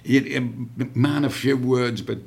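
A man as a podcast guest, telling family stories in an animated way and laughing at his own tales. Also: mid-range voice, measured pace, creaky.

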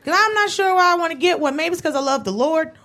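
Female stand-up, dry wry punchlines, gravelly tone, noisy stage audio. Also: very high-pitched, fast talker, a bit bright. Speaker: stand-up comic. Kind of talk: live stand-up set. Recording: noisy live stage recording.

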